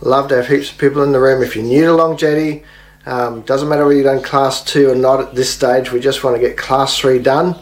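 A man's voice: medium pitch, brisk, poor audio. A man speaking as a pastor in a recorded video message to his church, friendly and encouraging. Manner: friendly and encouraging, relaxed delivery.

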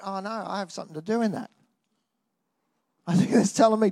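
A man preaching a sermon in an animated way, swinging from loud exclamations to quiet asides and often tossing in a "hey?". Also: high voice, fast talker.

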